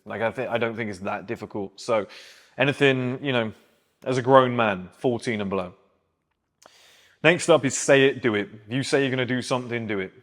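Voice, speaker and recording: A man's voice: medium pitch, a little fast, fairly bright tone. A man in his thirties giving blunt, opinionated advice straight to his viewers as a men's self-improvement host. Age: 30s. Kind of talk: advice monologue to camera. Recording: long echoing reverb.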